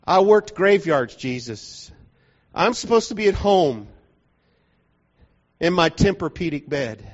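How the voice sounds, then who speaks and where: A man's voice: on the high side, expressive, voice pushed down. A preacher playing a worn-out grumbling fisherman. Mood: exasperated. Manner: complaining, drawn-out and pleading. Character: weary exasperated fisherman man, grumbling after a night's work. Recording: dull lo-fi recording.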